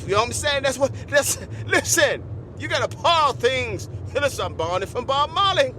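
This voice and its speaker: A man in his forties hosting a comedic podcast, talking in an animated, playful way, repeating himself and laughing often. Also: very high-pitched, moderate pace, noisy background. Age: 40s. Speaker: podcast host.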